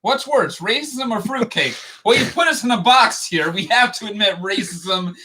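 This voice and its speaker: A man's voice: high voice, animated, moderate pace, pushed and bright, slight background noise. A man co-hosting a live call-in stream, joking and sarcastic. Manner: sarcastic, jokey. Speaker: co-host.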